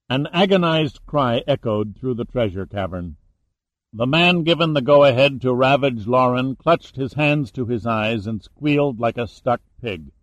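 A man reading a thriller novel aloud in measured, dramatic narration. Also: mid-range voice, no room sound, dull audio. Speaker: audiobook narrator. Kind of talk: scripted narration.

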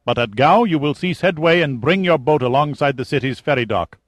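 A man's voice: a little high, animated, a little fast, dry recording, clean studio sound, voice pushed up, natural voice. A man voicing a cold, commanding military general in an audiobook, speaking in a clipped, threatening way. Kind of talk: audiobook character voice.

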